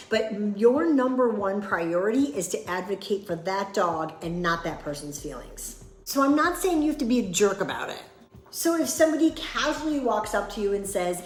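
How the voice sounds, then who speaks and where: Woman, dog trainer, earnest, plain-spoken, roomy echo, mid pitch. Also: animated, normal speed. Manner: earnest, plain-spoken, acts out sample replies. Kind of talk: instructional talk to camera.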